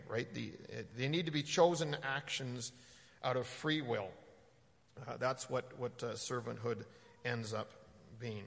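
A man giving a conversational sermon as a pastor, halting often with fillers and restarts. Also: medium pitch, creaky, a bit bright, in a large hall.

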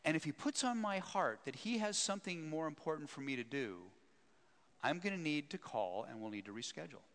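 A man voicing a warm, gregarious woman who runs a foundation, effusive and apologetic, in an echoey hall. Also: fairly high pitch, animated, a little fast. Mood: earnest.

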